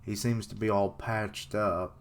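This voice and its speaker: A man's voice: fairly low pitch, flat delivery, unhurried, creaky. A young man on a live stream reacting casually to a comic chapter, reading dialogue aloud and swearing now and then.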